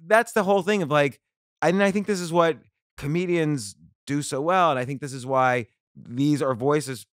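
A man's voice: fairly high pitch, moderate pace, no room sound, studio quality. A man hosting a podcast interview, talking in an easygoing, reflective way. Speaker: podcast host. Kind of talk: casual interview chat.

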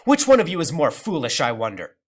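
A man reading aloud and voicing a bitter, scolding elderly grandmother with a sharp, indignant, raised voice. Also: mid-range voice, sing-song, normal speed. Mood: scornful.

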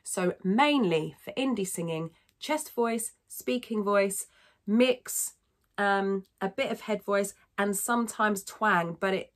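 A woman teaching singing in a casual video lesson, chatting to viewers with quick self-deprecating asides. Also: mid-range voice. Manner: chatty, warm-hearted asides, thanks viewers.

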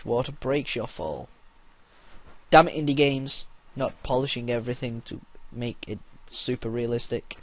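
A young man commenting crudely on his own gameplay and shouting battle cries. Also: mid-range voice.

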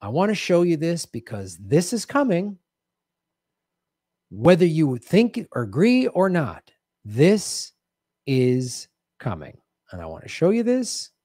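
Sarcastic and indignant, a man hosting a show delivers heated political commentary at an unhurried pace. His ordinary-pitched voice makes huge pitch swings, veering between loud jabs and low muttered asides. The sound is dry and close, with no room sound.

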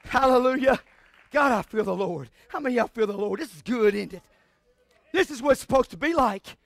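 A man preaching an impassioned sermon, shouting out exclamations, then dropping to hushed asides. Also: extremely high pitch, lively intonation, a little fast, dry recording, some chatter behind. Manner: call-and-response exclamations. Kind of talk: fiery sermon.

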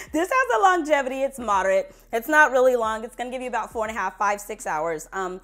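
A woman's voice: on the high side, very animated, brisk, few pauses, fairly bright tone. A woman vlogger chatting casually to camera, sassy and playful, laughing at herself as she talks. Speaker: beauty vlogger.

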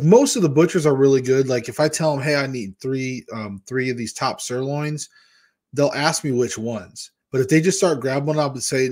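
A man chatting casually to his viewers in a mid-pitched voice. He rambles along, trips over a word now and then and picks his thread back up. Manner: rambling, conversational, with restarts and fillers. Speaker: vlogger. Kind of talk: casual chat.

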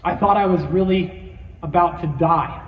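Man, youth pastor, animated sermon, far from the mic, long echo. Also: fairly high pitch. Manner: animated storyteller, quick emphatic shifts. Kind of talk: sermon with personal storytelling. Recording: echoey hall from a distance, dull sound.

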